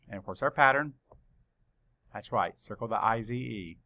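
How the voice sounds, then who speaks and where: Slow, bright-voiced male teacher dictating spelling. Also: mid-range voice, gravelly. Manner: slow, deliberate letter-by-letter dictation. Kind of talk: spelling lesson for children.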